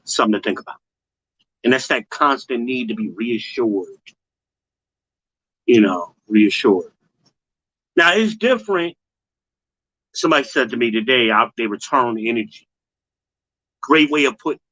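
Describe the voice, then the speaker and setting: Male host, blunt and slangy, bright edge, dry close sound. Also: expressive, measured pace, long pauses, no room sound, muffled recording. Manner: blunt, slangy, talks straight to viewers; mocks others with high put-on voices. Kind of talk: casual commentary livestream.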